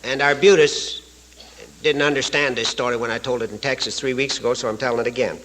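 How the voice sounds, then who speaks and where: A man's voice: medium pitch, fairly even intonation, fast talker, fairly bright tone, poor audio. A man from Canada giving a folksy, joke-filled talk at a recovery retreat, chuckling at his own stories. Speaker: AA speaker. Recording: archival live talk recording.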